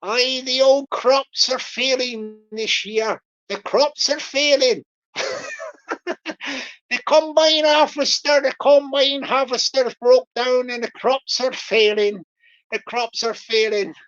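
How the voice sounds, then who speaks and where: Woman putting on a pushy male scammer, louder and higher. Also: fairly even intonation, very slow, long pauses, full character voice. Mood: wheedling. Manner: repetitive, cajoling, laughs between lines. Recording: lo-fi dull stream audio.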